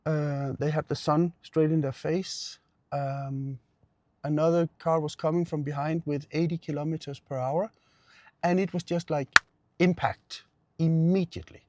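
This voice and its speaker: A man's voice: a little high, steady tone, a little slow, warm tone, slight background noise. A middle-aged man, a pain therapist, earnestly telling a client's story and repeating phrases for emphasis. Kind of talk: personal storytelling.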